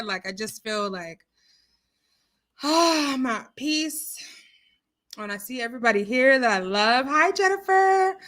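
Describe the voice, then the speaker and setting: A woman hosting a casual livestream, loud and expressive, greeting her viewers by name in a chatty way. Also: fairly high pitch. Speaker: livestream host. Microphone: computer mic, streaming software.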